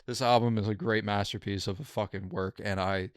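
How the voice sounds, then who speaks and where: A man's voice: lowish voice, fairly even intonation, a little fast, smooth, dry recording, studio quality. A young man hosting his own channel from home, rambling casually and swearing while reviewing albums. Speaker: YouTube host reviewing albums. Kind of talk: casual chat.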